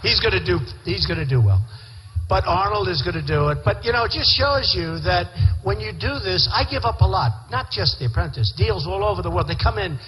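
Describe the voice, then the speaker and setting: A man with a high, bright voice gives a rambling, boastful campaign speech, circling back to repeat himself. He speaks into a podium microphone in a large indoor rally venue. A long hall reverb trails his words, with faint crowd ambience underneath. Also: animated, brisk. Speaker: presidential candidate.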